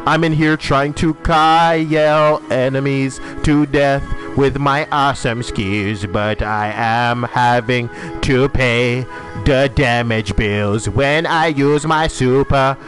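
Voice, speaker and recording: A man streaming a game, chatting loosely with teammates and viewers, loud and swearing constantly. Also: mid-range voice. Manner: animated, talking to teammates and chat. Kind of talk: casual live-stream chat while gaming.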